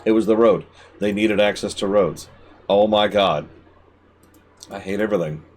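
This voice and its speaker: A man giving live gameplay commentary as a streamer, talking to the game and swinging between shouted outbursts and low mutters. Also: moderate pace, soft background music.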